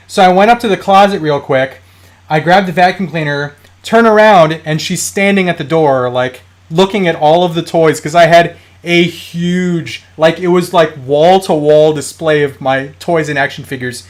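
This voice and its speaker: A man's voice: a little high, normal speed. A man in his thirties hosting a toy collecting live stream, telling stories in a rambling, casual way with many fillers and restarts.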